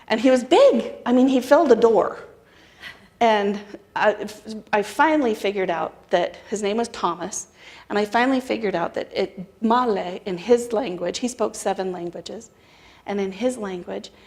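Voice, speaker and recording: A middle-aged American woman giving a spiritual talk, telling a story in a conversational, animated way and acting out the dialogue. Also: medium pitch, moderate pace. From United States. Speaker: spiritual practitioner speaker. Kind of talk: sermon storytelling.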